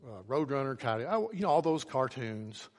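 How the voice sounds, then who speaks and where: A man preaching a sermon, with emphatic delivery that climbs to loud, urgent questions. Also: medium pitch, very animated, normal speed. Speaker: pastor. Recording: long hall reverb.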